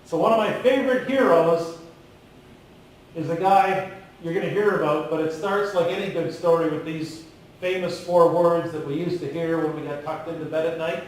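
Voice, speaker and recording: A man giving a live motivational business talk in a large room, animated and coaxing the audience to call out answers. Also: fairly high pitch, moderate pace. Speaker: keynote speaker. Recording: very echoey hall, far from the mic.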